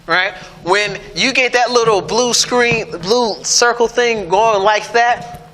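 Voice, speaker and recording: A male pastor preaching a sermon in a joking, animated way, often asking his listeners "right?". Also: very high-pitched, slow pace. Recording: long hall reverb, faint background noise.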